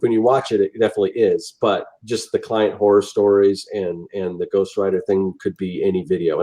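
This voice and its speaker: A man's voice: on the low side, mellow, rough recording. A man co-hosting an artists' podcast, talking in a rambling, casual way with many restarts. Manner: rambling, with frequent restarts and trailing phrases. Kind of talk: casual chat.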